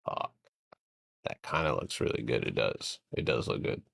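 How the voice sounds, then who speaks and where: A man's voice: extremely low pitch, expressive, normal speed, vocal fry, fairly bright tone, no room sound, studio quality. A man casually chatting through chart setups on a live stream, joking around and swearing freely as he thinks aloud. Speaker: stock trading streamer.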